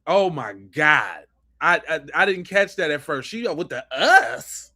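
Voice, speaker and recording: A man hosting a live podcast, reacting to clips with loud mocking outbursts and slangy banter. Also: on the high side, very animated. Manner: quiet rapid aside to viewers. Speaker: podcast host. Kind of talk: live-stream reaction commentary.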